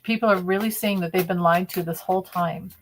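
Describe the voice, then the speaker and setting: A woman's voice: on the low side, fairly even intonation, a little fast, a little hiss or hum. Opinionated woman reading tarot cards. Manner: conversational, opinionated, restarts often. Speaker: tarot reader. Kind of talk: live-stream tarot reading.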